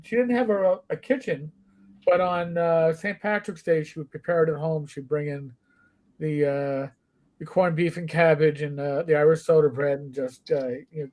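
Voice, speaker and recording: A man in an easygoing live chat spins animated stories from his days as a police officer. He talks loosely, with hesitations and restarts. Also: fairly high pitch. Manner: anecdotal, animated storyteller. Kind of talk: casual chat.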